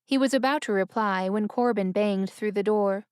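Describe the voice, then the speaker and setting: Brief: female audiobook narrator, smooth and resonant, dry close studio sound, even pacing. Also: medium pitch, moderate pace, hardly any pauses, no echo.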